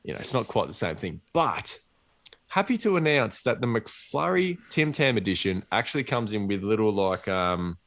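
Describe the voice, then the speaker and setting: A man's voice: on the low side, very animated, normal speed, a bit bright, no echo. A man with an Australian accent, co-hosting a casual pub podcast, sweary and rambling, often laughing. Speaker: podcast co-host. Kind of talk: casual chat.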